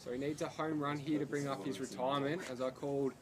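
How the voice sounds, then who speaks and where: An excitable man calling an amateur cricket game ball by ball, his voice climbing into shouts when the ball flies. The sound of a lively crowd carries behind him. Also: mid-range voice, fast talker. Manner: excitable, shouts on big hits. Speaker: cricket commentator. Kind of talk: live amateur cricket commentary.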